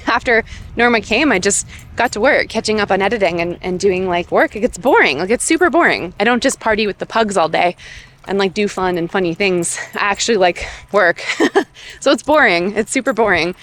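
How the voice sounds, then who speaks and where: A woman's voice: mid-range voice, expressive, fairly quick, a bit bright. A woman chatting casually to the camera in a vlog, laughing often and filling her talk with "like". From Canada. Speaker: vlogger caring for senior pugs. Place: outdoors on a quiet new-build street.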